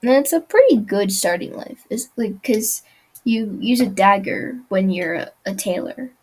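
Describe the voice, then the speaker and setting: A woman's voice: medium pitch, lively intonation, unhurried, husky. A woman giving casual gameplay commentary, hesitant, with fillers and trailing off. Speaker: game player.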